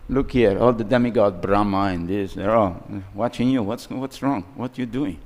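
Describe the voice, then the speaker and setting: A man doing a calm soothing male god. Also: on the low side, moderate pace, pitched below the performer's own voice, natural voice.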